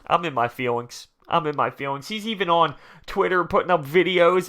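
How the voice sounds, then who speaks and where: A man giving excited, emphatic fan commentary on his own sports channel, often repeating lines for effect. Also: on the high side, normal speed, few pauses. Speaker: sports vlogger.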